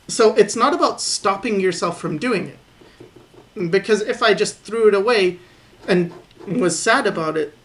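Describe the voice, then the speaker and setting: A man talks over his sketching in a calm, reflective way. He thinks aloud and reasons through each point as he draws. His tone stays encouraging and easygoing. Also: sits high, a little slow. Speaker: artist teaching drawing. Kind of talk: voice-over commentary while sketching.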